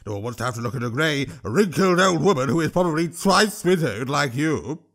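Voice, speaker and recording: A man's voice: on the high side, animated, a little fast, creaky, fairly bright tone, full character voice. A man reading an audiobook, voicing an arrogant, insulting male troll with a wet, slurping delivery. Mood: smug, scornful.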